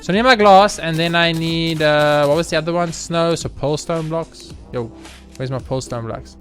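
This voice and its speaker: Talking at a normal speed in a somewhat high, slightly bright voice, a young man commentates his gameplay as a let's play host. He's sarcastic and casual, boasting in jest and swearing freely, while game music plays behind him.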